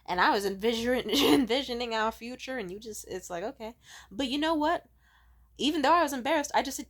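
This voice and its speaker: A woman in her twenties telling personal stories casually to the camera, swinging from loud excitement to soft, low asides and swearing freely. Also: moderate pace. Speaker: vlogger.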